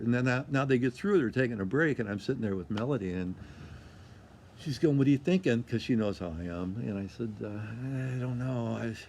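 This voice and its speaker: A man's voice: mid-range voice, a little hiss or hum. Rambling older man telling stories. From Michigan. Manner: rambling, repeats himself, acts out quotes. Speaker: interview guest. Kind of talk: casual storytelling.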